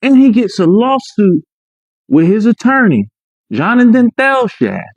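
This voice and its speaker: A man's voice: high-pitched, very animated, unhurried, no room sound. A man telling his own story emphatically, repeating his points and checking in with "right?". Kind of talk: emphatic personal account. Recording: dry, muffled lo-fi audio.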